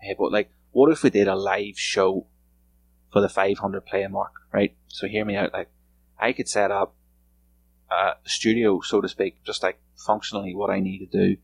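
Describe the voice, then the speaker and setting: A low, gravelly-voiced man talks alone on his podcast, drifting from point to point. He swears freely and stays laid-back, with very little lift in his pitch. Faint noise sits under the recording. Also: flat delivery, normal speed, rough recording. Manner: rambling, profane and laid-back. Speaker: podcast host. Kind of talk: solo podcast chat. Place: home room.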